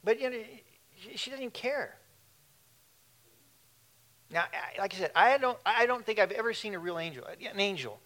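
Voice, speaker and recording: A man's voice: high voice, animated, normal speed, long pauses, fairly bright tone. A man preaching a sermon in a conversational way, with asides and questions to the congregation. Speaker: pastor.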